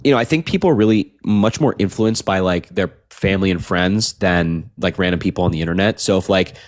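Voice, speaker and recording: A young man hosting a late-night political livestream, ranting earnestly, repeating himself, and reading out chat donations while sounding tired. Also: low voice. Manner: earnest, repetitive, fast rants with filler "like".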